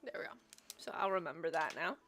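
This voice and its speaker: A woman's voice: low-pitched, animated, fast talker, fairly bright tone, a little hiss or hum. A young woman hosting a live stream, chatting casually with lots of ums while explaining a story world. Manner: chatty, rambling, frequent ums. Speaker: livestream host. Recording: faint music behind.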